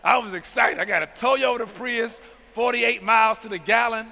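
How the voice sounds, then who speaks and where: A man preaches a testimony sermon, often calling on the congregation to answer back. His voice is high and bright with a forceful edge. The sound carries the long reverb of a large hall. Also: moderate pace, gravelly. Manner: emphatic call-and-response preaching. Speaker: pastor.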